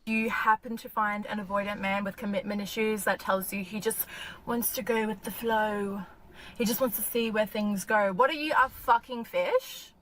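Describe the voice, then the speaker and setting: A woman's voice: mid-range voice, steady tone, moderate pace, fairly bright tone, a little hiss or hum, rough recording. A woman giving blunt, profane dating advice in a scolding manner. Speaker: dating advice video host.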